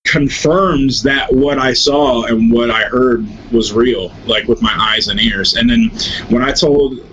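A man's voice: mid-range voice, a little slow. Brief: American man, guest, rambling and cursing freely as he tells the story, dull lo-fi audio with faint hiss. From United States. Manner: animated, profane, rambling storyteller. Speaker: guest, pro wrestler and rapper. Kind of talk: casual storytelling.

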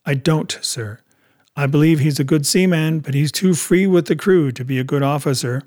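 A man's voice: fairly high pitch, moderate pace, a little mellow, natural voice. Blunt, plain-spoken ship captain for a storybook reading, put on by a male narrator; firm, direct delivery. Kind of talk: audiobook character reading.

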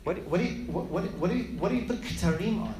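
A teacher leads a lively lesson, bouncing between questions and storytelling. The pitch swings widely, and the room gives a clear echo. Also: fast, a little hiss or hum. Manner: animated, asks and answers own questions, acts out voices. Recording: echoey room with faint ambience.

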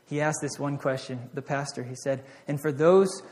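A man preaching a sermon, earnest, swinging from loud exhortation to hushed reflection, often repeating and restarting his phrases. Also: medium pitch, moderate pace, big-room sound.

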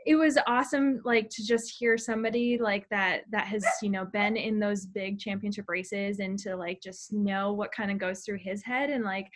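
A woman's voice: mid-range voice, fairly even intonation, moderate pace, few pauses, very noisy. Young woman, casual podcast guest, chatty, laughs a lot. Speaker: guest runner.

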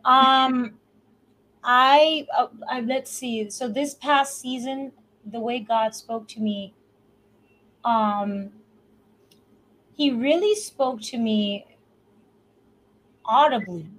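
Heartfelt woman podcast co-host, slightly high. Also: very slow, pauses often, fairly bright tone, slight background noise, poor audio. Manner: heartfelt, reflective, hesitant starts. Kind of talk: casual faith podcast chat.

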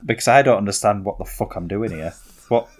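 Low-voiced young man. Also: a little fast. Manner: rambling, self-mocking, with frequent restarts. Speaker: podcast co-host. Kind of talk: casual storytelling chat.

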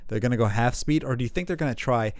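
Man, casual sports chat, animated, jokey, dry recording. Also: mid-range voice, quick pace, dry recording. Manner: animated, jokey, rambling with restarts. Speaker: podcast co-host. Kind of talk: casual fantasy football chat.

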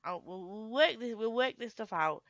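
On a headset mic, a young adult woman co-hosting a laid-back podcast laughs frequently and restarts her sentences in quick bursts. She sounds high-pitched, expressive and a bit bright, with no echo and the highs cut off.

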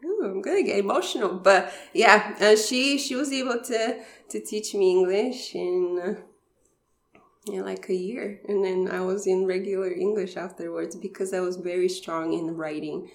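A woman in her thirties from Bulgaria with a Bulgarian accent, a podcast guest telling her story in a chatty way, full of fillers and soft laughs. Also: mid-range voice, fairly even intonation, a little slow, creaky. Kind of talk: casual personal storytelling. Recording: roomy echo.

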